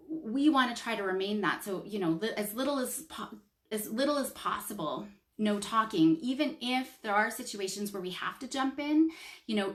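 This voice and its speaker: A woman's voice: medium pitch, reverberant. A woman with a Canadian accent, a child psychologist coaching parents in a casual talk, explaining step by step and checking in with "right?".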